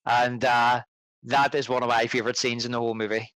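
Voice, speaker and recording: A man's voice: mid-range voice, little pitch movement, a little fast, a bit bright, clean tone, no room sound, poor audio. A man co-hosting a film podcast, chatting casually and enthusiastically, often restarting his sentences. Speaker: podcast co-host.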